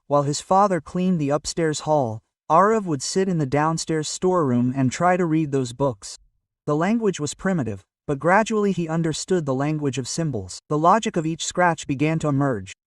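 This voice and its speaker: A man reading a scripted story aloud in an even storytelling manner, voicing every quote in the same voice. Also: fairly high pitch, dry recording, studio quality, distant mic. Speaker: narrator.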